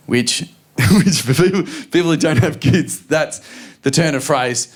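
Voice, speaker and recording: A man doing stand-up comedy on stage, telling an animated story and acting out the voices of his family. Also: on the high side, moderate pace. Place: live comedy venue on stage.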